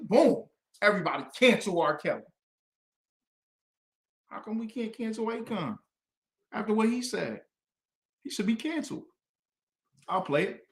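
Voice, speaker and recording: Fiery preaching man in an echoey room. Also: very high-pitched. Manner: combative and preachy, loud emphatic bursts. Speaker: religious teacher. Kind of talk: fiery teaching commentary.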